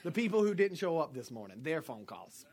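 A middle-aged man preaching a sermon as pastor, joking with the congregation and swinging from quiet asides to loud shouts. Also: on the high side, sing-song, a little fast, slightly rough.

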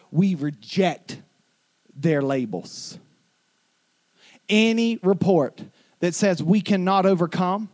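A young adult male pastor preaching a sermon, telling his story quietly and then rising to shouted declarations. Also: sits high.

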